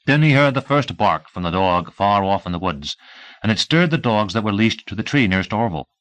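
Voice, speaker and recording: Un homme lisant un roman, voix claire et sèche. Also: male voice, on the low side, no echo. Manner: steady, measured reading. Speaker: audiobook narrator. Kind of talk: scripted narration.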